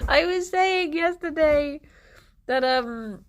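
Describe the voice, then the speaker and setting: A young woman chatting slowly and casually to her stream, giggling often. Her voice is husky and gravelly with fry after a late night out. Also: high voice, lively intonation. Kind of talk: casual chat with chat.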